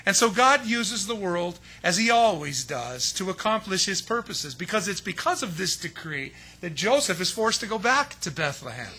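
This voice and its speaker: A man's voice: high voice, expressive, normal speed, hardly any pauses, sharp tone, husky. A man preaching a sermon as pastor, emphatic, full of rhetorical questions and exasperated asides.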